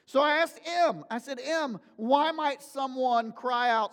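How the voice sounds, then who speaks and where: Male pastor, sermon delivery, animated storyteller, higher voice, big reverberant sanctuary. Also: slow, smooth. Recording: long hall reverb.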